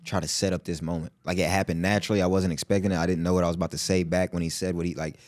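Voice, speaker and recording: A man's voice: low-pitched, flat delivery, rapid-fire, darkish tone. A man hosting a casual podcast chat, laid-back as he tells a comedy club story. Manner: laid-back, acts out his own crowd exchanges.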